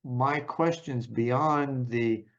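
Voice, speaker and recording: A man speaks in an ordinary mid-range voice, telling his own story in a reflective, unhurried way. He often pauses to find the right words. The audio is a little dull and lo-fi. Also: mid-range voice. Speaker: podcast host.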